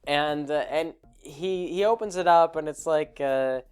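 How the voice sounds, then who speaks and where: A man's voice: on the high side, a little slow, smooth, soft background music. Rambling man telling a game story. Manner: rambling, self-interrupting, laughs often. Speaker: podcast host. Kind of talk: casual anecdotal storytelling.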